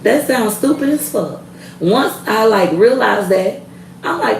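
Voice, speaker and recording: A woman's voice: medium pitch, lively intonation, measured pace, gravelly, roomy sound, distant mic, slight background noise, poor audio. A woman in her thirties ranting to camera in a blunt, heated, profane way. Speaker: vlogger. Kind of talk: casual rant to camera.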